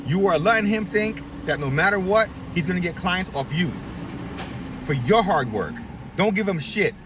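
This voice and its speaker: A man's voice: high-pitched, animated, normal speed, recorded from a distance, background noise. A middle-aged man who owns a barbershop, giving blunt, profane advice to other shop owners and acting out the people he quotes. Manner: blunt, profane, preachy, acts out quoted voices. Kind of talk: candid advice rant to camera.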